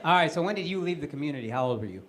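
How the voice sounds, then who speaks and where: A man's voice: on the high side, lively intonation, rapid-fire. A male stand-up comedian doing crowd work on a club stage, brash and profane as he mocks people in the audience. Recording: loud crowd laughter, noisy live club.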